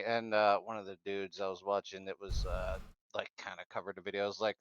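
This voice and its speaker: A man's voice: lowish voice, flat delivery, normal speed, fairly bright tone, clean tone, dry recording, dull audio. A man co-hosting a podcast in casual chat, blunt and profane, rambling with lots of fillers. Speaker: podcast co-host.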